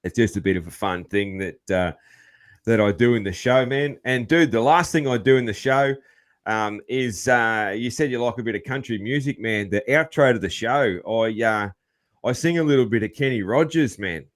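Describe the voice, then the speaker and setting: A man's voice: medium pitch, moderate pace. A man hosting a podcast, chatting in a laid-back way and laughing often. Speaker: podcast host. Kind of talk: casual interview chat.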